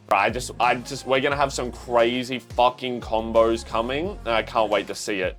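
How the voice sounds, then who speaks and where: A young Australian man hosting a manga reaction video, gushing and swearing with excitement as he reads panels aloud between his reactions. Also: mid-range voice, moderate pace, few pauses, soft background music. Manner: excitable, swears freely, gushes. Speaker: reaction channel host.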